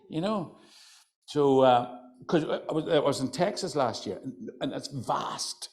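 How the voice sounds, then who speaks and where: A man's voice: mid-range voice, animated, measured pace, darkish tone. Older Antrim man spinning yarns. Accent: County Antrim. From County Antrim, Northern Ireland. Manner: chatty, teasing, lots of "you know". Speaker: folklorist storyteller. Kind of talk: live humorous storytelling. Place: hotel function room.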